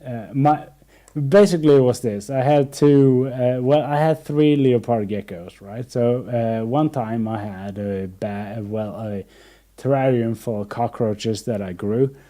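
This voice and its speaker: A man's voice: mid-range voice, unhurried, mellow. A young man hosting a casual podcast chat, rambling through stories with lots of restarts and acted-out quotes. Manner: rambling, many restarts, acts out anecdotes. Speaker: podcast host.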